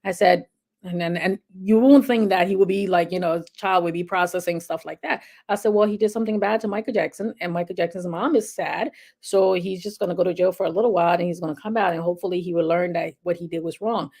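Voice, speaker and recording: A woman's voice: on the low side, steady tone, quick pace, a little mellow. A middle-aged woman giving casual health advice to parents, chatty and often checking in with "okay?". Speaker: health video host.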